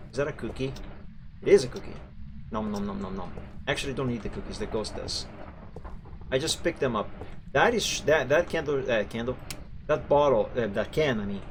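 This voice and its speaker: A man livestreams a ghost-hunting game, chatty and jumpy, talking with his viewers and reacting as he plays in live gameplay commentary. His voice is mid-range, with a little hiss or hum in the audio.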